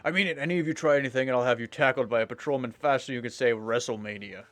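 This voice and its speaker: A man doing a gruff, fed-up police detective. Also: medium pitch, racing, a bit bright, faint music behind, lightly acted. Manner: gruff, exasperated.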